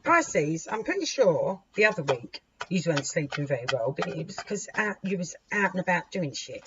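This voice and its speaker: A woman's voice: fairly low pitch, big pitch swings, normal speed. Chatty woman giving a tarot reading. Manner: chatty, rambling, talks to the cards as she deals. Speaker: tarot reader. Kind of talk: casual tarot reading to viewers. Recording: dull lo-fi recording with faint hiss.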